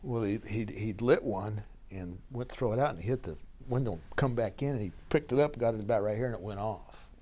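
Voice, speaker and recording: A middle-aged man, a county sheriff, telling a story in a folksy, animated way during an interview, laughing now and then. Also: on the low side, fairly quick, few pauses. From Idaho.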